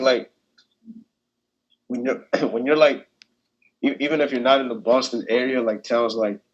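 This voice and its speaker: A young man with a medium-pitched voice speaks over a video call as a student panelist in a casual discussion, and the recording is muffled. He sounds hesitant, with many restarts and fillers.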